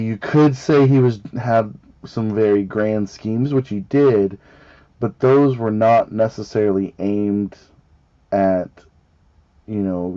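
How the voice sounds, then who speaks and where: A man's voice: lowish voice, mellow, dry recording. A man giving a casual review, talking as a rambling, enthusiastic fan who often restarts his sentences. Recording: dull lo-fi recording.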